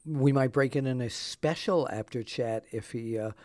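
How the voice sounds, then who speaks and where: A man's voice: mid-range voice, normal speed, a little mellow, dry recording. Older man with dry, teasing quips. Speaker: podcast co-host. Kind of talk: casual chat.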